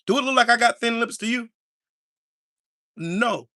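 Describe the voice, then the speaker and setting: A man's voice: extremely high pitch, a little slow, sharp tone, no room sound, studio quality. Man ranting angrily on a live stream. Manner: angry, profane and confrontational. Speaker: podcast host.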